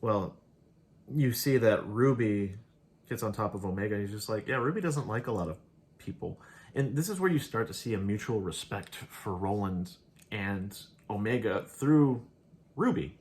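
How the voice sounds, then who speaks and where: A man's voice: lowish voice, expressive, moderate pace, a little mellow. A man casually recapping and reviewing an episode, rambling and laughing as he paraphrases the characters. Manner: rambling, laughs often, quotes characters offhandedly. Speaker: show host reviewing episodes.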